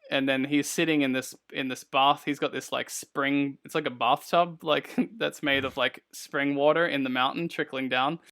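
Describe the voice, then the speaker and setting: A male podcast host with a clear, bright voice and a gravelly edge. He talks casually and rambles a little, filling pauses with "like" and "you know". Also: mid-range voice. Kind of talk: casual interview chat.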